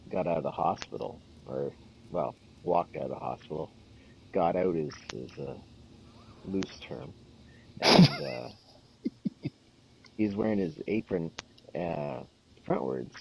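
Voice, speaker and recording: A man with a deep, gravelly voice chats casually over a game stream. He rambles through stories and laughs often. His pitch jumps lively up and down. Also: dull audio, slight background noise. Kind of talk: casual chat while gaming.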